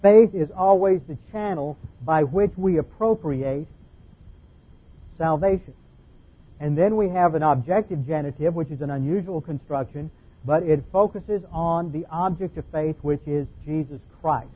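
A man with a somewhat high, husky voice teaches scripture in a methodical, explanatory way, leaning hard on key words. The sound is thin and tinny, as if heard over a phone line. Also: measured pace. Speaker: Bible teacher. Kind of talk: expository Bible teaching.

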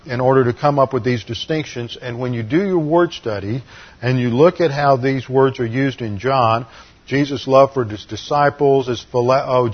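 A man delivering a teaching sermon with a mid-range voice. He explains slowly and methodically and often restarts his sentences. The recording sounds slightly dull and lo-fi. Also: medium pitch, husky. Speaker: Bible teacher. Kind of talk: sermon lecture.

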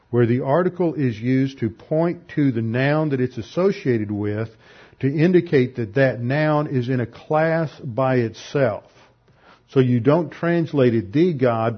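A man's voice: medium pitch, husky, lo-fi sound. A man giving a methodical classroom lecture on scripture, explaining the grammar step by step. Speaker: Bible teacher.

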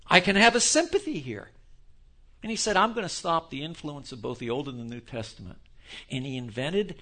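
A man giving an impassioned, sarcastic Bible lecture, swinging between quiet asides and loud outbursts. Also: on the high side. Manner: fiery, sarcastic, self-deprecating.

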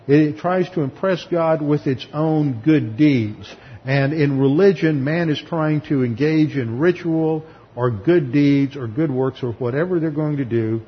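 A man's voice: medium pitch, husky. A man teaching through a Bible passage in a sermon, explaining it emphatically and sometimes acting out the people he quotes. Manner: explanatory, emphatic, acts out voices when quoting. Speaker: pastor. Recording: lo-fi recording in a reverberant hall.

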